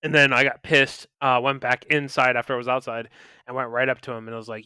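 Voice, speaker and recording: A man's voice: medium pitch, flat delivery, fast talker, pushed and bright, smooth, dry recording. A man co-hosting a casual podcast, rambling through workplace anecdotes with lots of fillers. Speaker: podcast co-host. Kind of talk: casual chat.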